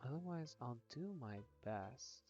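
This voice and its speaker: A man casually narrating a tabletop-style game on a live stream, pausing often and asking his viewers for ideas. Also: medium pitch, lively intonation, a little mellow. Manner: hesitant, lots of ums, chatty with viewers. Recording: dull lo-fi audio with faint game music.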